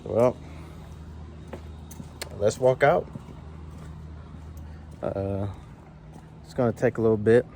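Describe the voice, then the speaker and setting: A man walking outdoors at night, out of breath, telling a story to his small handheld camera in a chatty, animated way. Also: lowish voice, takes it slowly, long pauses. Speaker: vlogger. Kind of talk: casual storytelling vlog. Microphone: small handheld action camera. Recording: faint outdoor traffic noise.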